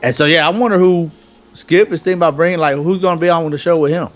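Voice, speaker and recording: A man co-hosting a podcast, chatting casually and tossing out joking quick takes. He talks very fast in a fairly high voice. The audio is dull and lo-fi, with faint music underneath. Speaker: podcast co-host. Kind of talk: casual chat.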